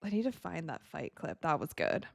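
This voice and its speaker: A woman's voice: low voice, very animated, normal speed, vocal fry, no echo, studio quality. A woman hosting a casual live-stream watch party from her home set, chatting, reading out viewer comments and laughing often.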